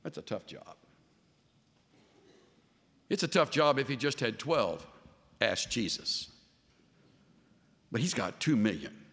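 Animated male pastor in an echoing hall. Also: mid-range voice, slow, pauses often. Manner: animated, voices the figures he quotes. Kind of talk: sermon. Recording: long hall reverb.

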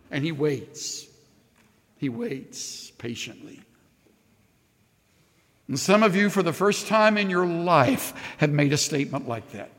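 A man's voice: high-pitched, fairly bright tone, in a large hall. A man preaching a sermon as pastor, impassioned and emphatic, leading the congregation in call-and-response during an altar call. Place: large church sanctuary.

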